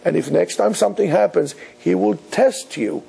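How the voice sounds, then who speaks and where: A rabbi giving a Torah lecture in a high, gravelly voice with a husky edge. He teaches with earnest emphasis, weaving Hebrew words into his English. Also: normal speed, dark tone.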